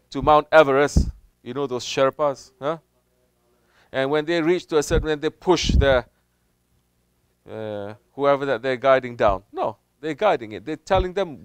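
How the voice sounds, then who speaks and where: A man preaches in a lively, animated manner. He often rises sharply to mimic skeptics, then drops low to warn. His voice is smooth and resonant, recorded close and dry. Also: no room sound. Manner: animated, acts out doubters in raised voice. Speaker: Sufi teacher. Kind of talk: sermon answering questions.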